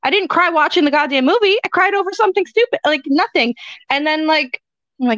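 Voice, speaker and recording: A woman's voice: sits high, brisk, fairly bright tone, no room sound, dull audio. A woman guest on a podcast, chatting bluntly, laughing easily and swearing casually.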